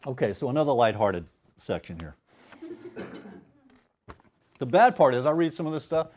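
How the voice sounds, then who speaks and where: A man's voice: medium pitch, very animated, normal speed, darkish tone, a little hiss or hum. A man in his fifties, an author at a university event, chatting casually with self-deprecating asides before reading his prose aloud.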